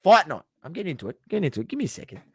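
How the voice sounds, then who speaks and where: A man's voice: a little high, sing-song, racing, creaky, crowd noise. A man co-hosting a casual sports podcast, recapping fight cards with energy and stumbling over hard names. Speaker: podcast co-host.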